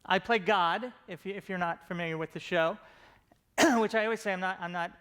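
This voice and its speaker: Bright, smooth-voiced man joking on stage. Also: sits high, brisk. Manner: joking, self-deprecating, many fillers and restarts. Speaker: comedy show creator giving a conference talk. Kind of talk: casual comedic talk to a live audience.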